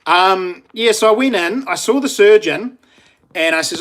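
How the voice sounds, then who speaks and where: A man's voice: sits high, expressive, measured pace, a bit bright. A middle-aged man with a New Zealand accent, chatting casually on a live stream, laughing often and reading out viewer messages.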